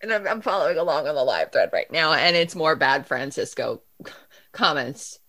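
A woman's voice: low-pitched, very animated, normal speed, fairly bright tone. A woman co-hosting a casual sports podcast, chatty, groaning often and restarting her sentences. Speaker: podcast co-host.

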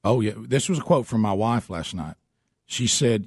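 A man telling a long, animated story in casual chat as a host, acting out the voices of the people in it. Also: fairly low pitch, moderate pace, breathy edge, no room sound, clean studio sound. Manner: animated, acts out voices in his stories. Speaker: show host and youth football coach.

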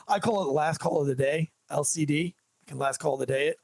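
Gravelly, husky-voiced storytelling cop. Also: male voice, on the high side, fast, no echo. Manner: animated, jokey storyteller, acts out dialogue. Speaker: police officer telling a story as podcast guest. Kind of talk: casual podcast storytelling.

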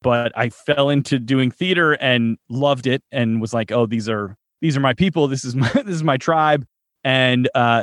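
A man in his thirties from the Chicago suburbs, an actor telling stories as a guest in a casual interview, animated and laughing now and then. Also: medium pitch, dry recording, clean studio sound. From Chicago suburbs, US Midwest. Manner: animated storyteller, laughs while talking.

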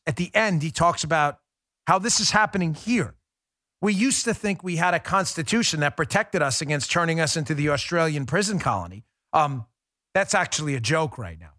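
A man's voice: fairly high pitch, sharp tone, no room sound, studio quality. A man hosting a political podcast, delivering an angry, sarcastic commentary monologue with emphatic, repeated phrases. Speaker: podcast host.

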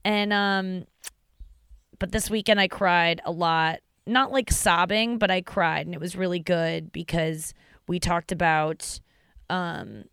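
Woman podcast host, lower-pitched, rambling confessional with swearing, on the edge of tears. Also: slow, fairly bright tone, clear, resonant tone, no room sound. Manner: frank, rambling and profane, emotional and close to tears. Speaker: podcast host and stand-up comedian. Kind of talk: candid personal monologue.

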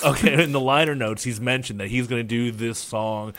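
A man co-hosting a podcast in relaxed casual chat. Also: medium pitch, fairly quick. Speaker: podcast co-host.

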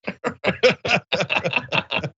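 A man hosting a loose podcast chat, telling anecdotes in a bright voice and laughing often as he slips into the voices of the people he met. His audio comes over a remote call and sounds a bit dull and lo-fi. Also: sits high, lively intonation, drawn-out words, husky. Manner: chatty, laughs often, acts out quoted voices. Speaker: host.

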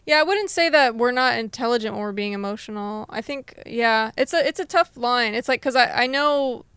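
A woman's voice: a little high, normal speed, fairly bright tone, clear, resonant tone, no room sound. A young woman in a casual group chat, earnestly explaining her view. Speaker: panel guest.

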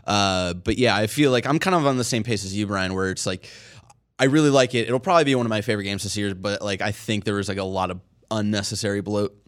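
A man chatting in a relaxed, hesitant way on a gaming podcast. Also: lowish voice, fast, no room sound, studio quality. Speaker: podcast panelist. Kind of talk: casual podcast chat.

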